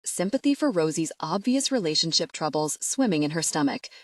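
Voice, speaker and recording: A woman narrating a romance audiobook with expressive storytelling, recorded close to the mic. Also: low-pitched, brisk, dry recording. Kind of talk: scripted narration.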